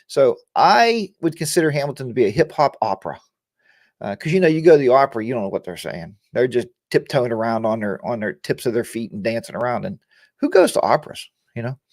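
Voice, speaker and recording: A man's voice: mid-range voice, big pitch swings, fast talker, a little mellow, no echo, clean studio sound. Chatty rambling man hosting a bike show. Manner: rambling and joking, chatty asides. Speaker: host of a live motorcycle chat show. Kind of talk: casual live-stream chat, reading viewer comments.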